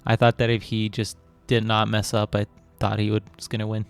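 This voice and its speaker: A man hosting a live esports cast in a relaxed, chatty way, laughing easily with his co-casters. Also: lowish voice, a little fast, clean tone, soft background music. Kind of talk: casual live-stream casting chat.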